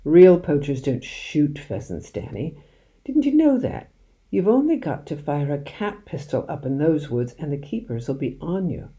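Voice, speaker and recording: A woman reading aloud, voicing a lively, mischievous village father who loves poaching and shares his secrets. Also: low voice, normal speed. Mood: scornful. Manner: animated, conspiratorial, drops to hushed secrecy.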